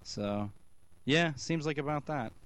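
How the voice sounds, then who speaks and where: A man's voice: on the high side, animated, unhurried, a bit bright, a little hiss or hum. A man co-hosting a podcast in casual chat, rambling and swearing, with many restarts. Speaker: podcast co-host.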